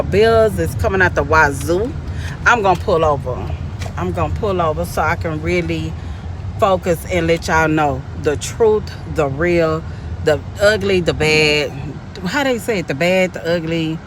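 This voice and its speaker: A woman's voice: fairly low pitch, slight background noise. A woman vlogging in a chatty, candid way while sitting in her car, with lots of fillers. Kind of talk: casual chat, talking while driving.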